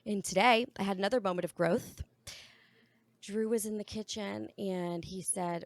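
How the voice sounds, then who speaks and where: A woman's voice: mid-range voice, fairly even intonation, moderate pace, no echo. A young adult woman co-hosting a podcast, chatting casually and frankly and swearing freely. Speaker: podcast co-host. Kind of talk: casual chat.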